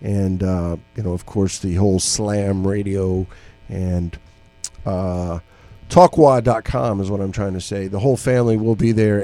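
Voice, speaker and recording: Chill guy hosting a radio chat, low mellow voice, easygoing. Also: moderate pace. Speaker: radio show host.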